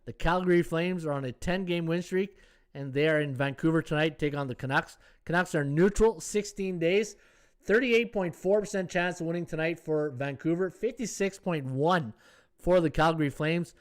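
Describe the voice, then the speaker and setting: A man hosting a sports betting live stream in a casual, thinking-aloud way. His voice sits a little high for a man. He chats his way through odds and viewer comments. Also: moderate pace. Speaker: sports betting podcast host.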